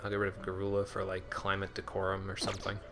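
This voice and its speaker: A man's voice: sits low, completely flat delivery, quick pace, over music. A man giving casual live-stream commentary on a game, chatting to viewers in a self-deprecating way. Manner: chatty, answers chat, self-deprecating with restarts.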